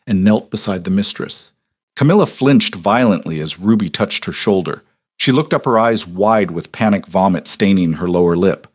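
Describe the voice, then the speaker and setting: A man reading a period romance story as scripted narration in a measured, unhurried way. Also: fairly low pitch, a little mellow.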